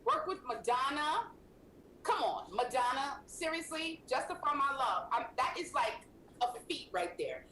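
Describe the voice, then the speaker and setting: A woman hosting a casual radio talk show, talking in an emphatic, animated way. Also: high-pitched, measured pace, roomy sound, slight background noise, poor audio.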